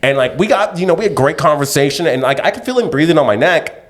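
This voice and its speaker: A man's voice: on the high side, expressive, fast. A man co-hosting a comedy podcast, rambling through casual banter and filling it with "you know what I mean".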